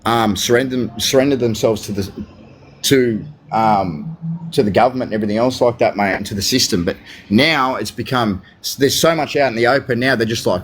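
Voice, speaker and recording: A man's voice: mid-range voice, brisk, slight background noise. Slangy Australian man, casual chat. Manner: slangy, peppers speech with "mate" and "you know what I mean".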